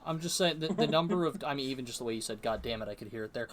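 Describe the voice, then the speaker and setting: A man's voice: medium pitch, racing, a crowd in the background. A man with a Midwestern US accent in casual podcast chat, rambling with fillers and swearing freely. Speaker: podcast co-host.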